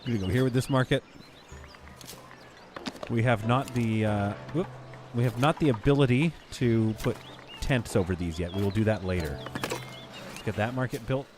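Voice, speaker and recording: Male streamer, casual game commentary, rambling and self-deprecating, mid-pitched, music behind. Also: moderate pace, long pauses. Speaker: gaming streamer.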